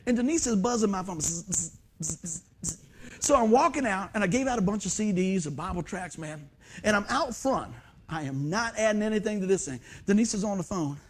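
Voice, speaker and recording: A man. He spins funny stories from his own life, acting out the people in them and laughing along. His delivery is loose and animated. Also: high-pitched, brisk, a little hiss or hum. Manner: animated, acts out quoted voices, laughs often. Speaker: pastor. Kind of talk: storytelling sermon.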